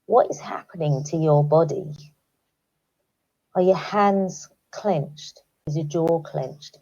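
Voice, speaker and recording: A woman speaking calmly to teachers, guiding them through reflective questions in a recorded online talk. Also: low-pitched, slow, lo-fi sound. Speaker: education speaker. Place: home, recorded remotely.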